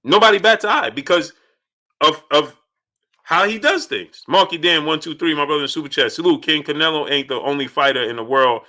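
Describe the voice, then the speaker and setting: Bright, emphatic male live-stream host. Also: on the high side, fairly quick. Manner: greets chat viewers by name between points; emphatic, repeats key points. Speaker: boxing channel host. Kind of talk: live-stream boxing talk.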